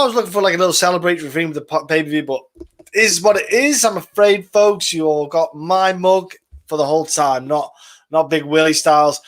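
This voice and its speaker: A talkative man hosts a live stream of fight predictions, his voice sitting a little high for a man. He chats loosely, calls people "man" and "brother", and swears freely as he reads out viewer comments. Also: fairly bright tone. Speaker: podcast host.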